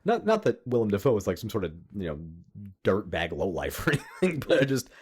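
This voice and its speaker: Young man, podcast co-host, casual chat, opinionated, rambling, swears, lowish pitch. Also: huge pitch swings, fast, slightly rough.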